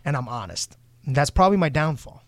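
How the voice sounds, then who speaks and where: A man with a fairly high voice rants bluntly on a casual talk show, swearing as he vents. His speech is heated and straight to the point. The sound is dry and close, with no room around it. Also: very animated, fast, no room sound. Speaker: show host. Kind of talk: casual podcast rant.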